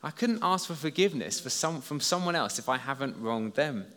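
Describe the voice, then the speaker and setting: Bright-voiced preacher in a reverberant church. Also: male voice, mid-range voice, a little fast. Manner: lively, storytelling, talks to listeners as "you". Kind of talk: children's talk sermon. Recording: long hall reverb.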